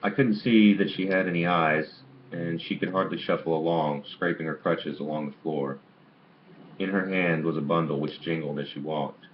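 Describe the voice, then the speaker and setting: A man reading a novel aloud in an amateur way, stumbling and restarting on some words, on a dull lo-fi recording with faint hiss. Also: rumbling low. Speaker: audiobook reader.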